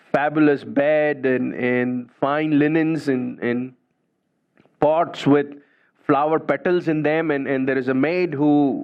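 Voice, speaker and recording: Conversational man telling a spiritual story. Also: medium pitch. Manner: conversational, frequent "you know" and "right". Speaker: spiritual speaker. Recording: dull lo-fi recording.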